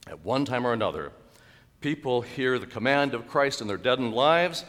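A male pastor preaching a sermon in a church, animated and chuckling, with sudden loud exclaimed quotes. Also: mid-range voice, moderate pace, big-room sound. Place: church sanctuary.

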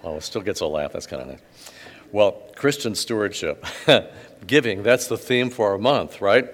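A male pastor preaching a sermon in a church, telling stories conversationally with asides and animated emphasis. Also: on the low side, moderate pace, slight background noise. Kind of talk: sermon with gospel reading. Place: church sanctuary. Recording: long reverb of a large hall.

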